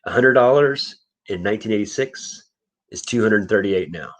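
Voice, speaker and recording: A man with a somewhat low voice rambles through a casual story, chuckling between thoughts. He talks like a reseller chatting with friends, easygoing and loose. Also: normal speed. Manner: rambling storyteller, laughs often. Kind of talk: casual chat.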